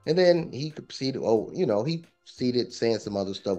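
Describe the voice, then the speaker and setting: A man, a property investor, telling a story in a relaxed, informal way and often repeating phrases. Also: medium pitch, normal speed, hardly any pauses, faint music behind. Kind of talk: casual storytelling interview.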